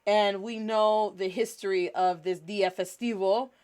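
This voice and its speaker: A woman's voice: mid-range voice, steady tone, measured pace, a little mellow. A woman hosting a casual teaching podcast, upbeat and playful, spelling words out and coaching her listeners. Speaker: podcast host and language teacher.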